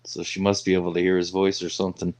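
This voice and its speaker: A man chatting casually on a live stream, easygoing and halting. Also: low voice, completely flat delivery, a little mellow.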